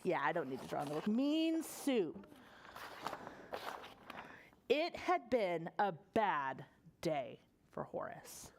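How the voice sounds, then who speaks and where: A young woman, a children's librarian, reading a picture book aloud to preschoolers in an animated sing-song voice and asking them questions. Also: deep voice, a little slow, slight background noise.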